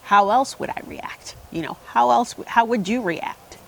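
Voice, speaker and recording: A woman's voice: on the high side, moderate pace, vocal fry, a little hiss or hum. A middle-aged woman giving a speech that tells a personal story. She talks conversationally, with asides and questions to the audience. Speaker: speaker.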